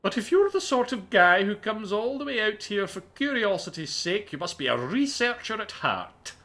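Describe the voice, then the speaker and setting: A man's voice: high-pitched, very animated, moderate pace, sharp tone, voice pushed up, full character voice. A man voicing a slightly posh Scottish male researcher with a put-on Scottish accent, eager and lecturing.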